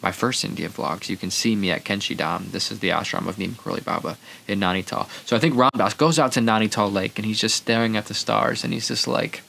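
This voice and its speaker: A man's voice: on the low side, a little fast, creaky, bright, forceful tone, slight background noise. A man hosting a podcast, telling a story in a rambling, casual way and acting out the quotes. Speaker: podcast host.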